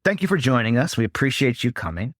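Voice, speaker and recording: A man's voice: mid-range voice, sing-song, quick pace, fairly bright tone, husky, no echo, clean studio sound. A man hosting an interview, conversational and telling a short story from his own teaching. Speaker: host. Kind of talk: interview hosting, casual anecdote.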